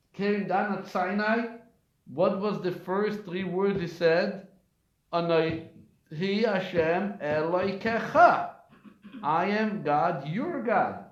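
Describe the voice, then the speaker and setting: A man, a rabbi, giving a weekly class, telling stories and asking rhetorical questions with emphasis. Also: a little high. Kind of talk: weekly Torah class lecture. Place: live class in a community center. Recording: echoey room, dull lo-fi sound.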